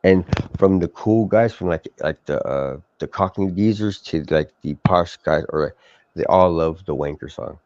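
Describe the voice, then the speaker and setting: A man with a deep voice chats in loose, profane banter, stumbling through restarts and fillers. The sound is dry and muffled, like cheap stream audio. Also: moderate pace, darkish tone, dry recording. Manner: rambling, profane, many restarts. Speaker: live stream co-host. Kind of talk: casual crude banter.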